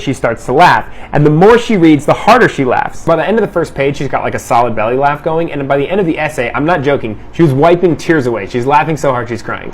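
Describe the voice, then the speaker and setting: Fast-talking animated man telling a story. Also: medium pitch, a little hiss or hum. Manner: animated, acts out the other people in the story. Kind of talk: casual storytelling to camera.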